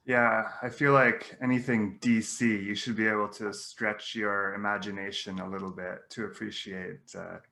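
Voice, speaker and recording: Gravelly, bright-toned male host. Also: on the low side, flat delivery, moderate pace, hardly any pauses. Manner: easygoing, encouraging interviewer. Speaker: podcast host. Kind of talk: casual podcast interview.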